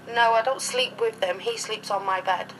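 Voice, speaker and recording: A woman's voice: a little high, steady tone, moderate pace, fairly bright tone, a little hiss or hum, poor audio. A middle-aged woman talking casually in an interview, rambling through anecdotes in a chatty way. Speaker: interviewee, reborn doll collector.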